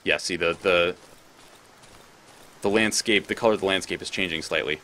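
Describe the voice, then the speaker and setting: A man's voice: sits low, normal speed, pauses often, bright, forceful tone, a little hiss or hum. A man commentating his gameplay, rambling, thinking aloud and swearing freely. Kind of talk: let's play commentary.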